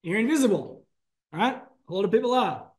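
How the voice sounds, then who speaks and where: Man, high-pitched, energetic, presenting a business class. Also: a little fast. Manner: energetic, emphatic, calls out names to the audience. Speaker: business trainer. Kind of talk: masterclass presentation.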